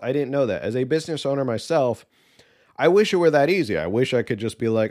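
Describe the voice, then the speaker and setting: A man's voice: mid-range voice, big pitch swings, quick pace, darkish tone. A man hosting a political podcast, giving casual, opinionated commentary with sarcasm and exasperation.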